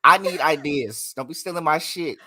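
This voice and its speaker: A man's voice: fairly high pitch, moderate pace, sharp tone. A man co-hosting a live podcast in loose, profane banter, laughing often. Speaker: podcast co-host. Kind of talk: casual live podcast chat.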